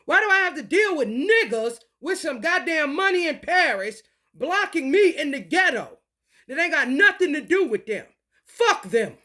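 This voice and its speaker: A woman's voice: sing-song, moderate pace. Fiercely cursing woman on a rant. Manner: profane, confrontational, swings between low mutters and shouts. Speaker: vlogger. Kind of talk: ranting spiritual monologue.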